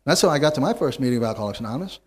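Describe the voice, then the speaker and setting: A man telling his own story to a room of listeners, dry and wry in his humor. His voice moves between loud bursts and quiet, low stretches, with a middling pitch. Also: very fast, breathy edge. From United States. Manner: animated, wry storyteller, swings from loud to hushed. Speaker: speaker sharing his recovery story. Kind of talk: storytelling talk to a live audience.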